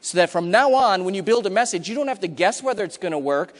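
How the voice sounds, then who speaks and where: A high-pitched man delivers a punchy, emphatic keynote in a large hall with long reverb. He is middle-aged and acts out customer quotes in quick asides. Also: animated. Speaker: conference keynote speaker. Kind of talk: energetic conference talk. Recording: hall reverb from a big room.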